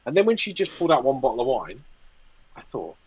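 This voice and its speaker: Husky man telling a story. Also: mid-range voice, wildly swooping pitch, fast talker, darkish tone, dull audio. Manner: storytelling, acts out what he thought. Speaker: podcast co-host. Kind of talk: casual chat.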